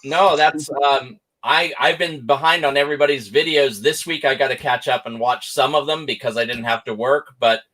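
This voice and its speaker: A man chatting as a guest in an online call, friendly and quick to laugh. His voice is bright and sharp, sitting at an ordinary middle pitch. He often repeats words as he gets going. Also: poor audio. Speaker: guest, video creator. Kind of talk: casual chat.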